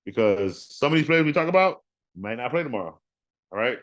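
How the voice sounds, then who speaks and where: A man hosting a fantasy football podcast in casual talk, animated and trash-talking, repeating words for emphasis. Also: medium pitch, fairly quick.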